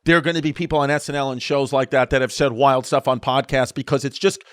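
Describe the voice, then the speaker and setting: A man co-hosting a comedy podcast, jokey and animated, acting out other people's lines as he talks. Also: medium pitch, fast, clear, resonant tone, no room sound, clean studio sound. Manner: animated, jokey, acts out quotes. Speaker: podcast co-host. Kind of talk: casual podcast chat.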